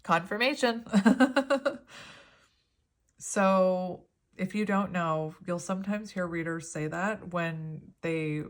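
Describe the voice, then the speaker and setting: Gentle rambling woman tarot reader, lowish voice. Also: steady tone, slow pace. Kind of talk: pick-a-card tarot reading.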